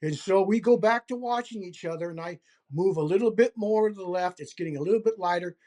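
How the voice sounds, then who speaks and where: A man who is an interview guest, telling a first-person story deliberately and acting out gestures as he describes them. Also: high-pitched, mellow. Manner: deliberate, acts out gestures as he narrates. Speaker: interview guest recounting a hunting encounter.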